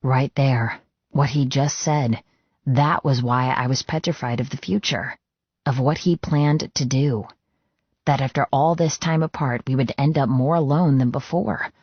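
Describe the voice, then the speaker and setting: Slow, measured male audiobook narrator. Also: mid-range voice, no room sound. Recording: dull, lo-fi dry studio read.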